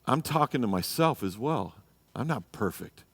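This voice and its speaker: A man's voice: mid-range voice, lively intonation, normal speed, big-room sound. A man teaching a church marriage class, blunt and exhorting, often checking in with "you know" and "okay?". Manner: acts out quoted people in a raised voice.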